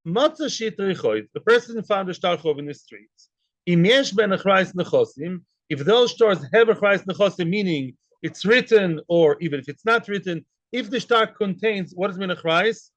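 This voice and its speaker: A man teaching a daily Talmud class in an animated way, quizzing students and acting out the people in the case. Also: high voice, normal speed, no echo. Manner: animated, acts out quoted voices, mixes Hebrew and Aramaic terms; asks students questions. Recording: dull, lo-fi recording.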